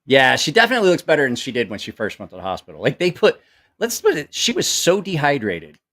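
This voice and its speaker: A man's voice: medium pitch, fast. A middle-aged man chatting casually to a live audience from home, telling rambling stories with lots of swearing and laughter. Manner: profane, laughing, animated storyteller. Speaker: livestream host. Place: at home, family nearby.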